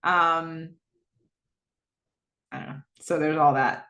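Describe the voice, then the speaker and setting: A woman's voice: low-pitched, steady tone, takes it slowly, fairly bright tone, reverberant. A woman hosting a podcast, casually recapping a TV episode, narrating scenes and reading out the dialogue. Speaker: podcast host.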